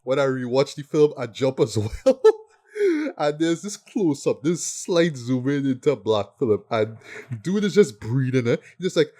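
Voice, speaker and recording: A man's voice: mid-range voice, lively intonation, measured pace, warm tone. A man co-hosting a podcast, chatting casually and keenly about films and tagging his points with "right?". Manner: enthusiastic, peppers talk with "right?". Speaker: podcast co-host. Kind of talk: casual film review chat.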